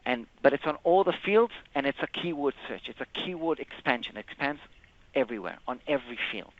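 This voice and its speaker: A man presenting a live software demo in a webinar, explaining step by step and often correcting himself. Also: medium pitch, lively intonation, a little hiss or hum. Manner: halting, explains step by step with frequent self-corrections. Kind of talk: live screen-share product demo. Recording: dull lo-fi webinar audio.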